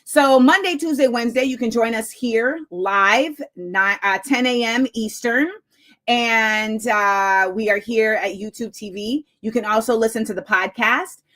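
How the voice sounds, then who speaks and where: A woman hosting a live-streamed talk show, chatty and excitable and laughing often as she greets viewers. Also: fairly high pitch, a little slow. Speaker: host.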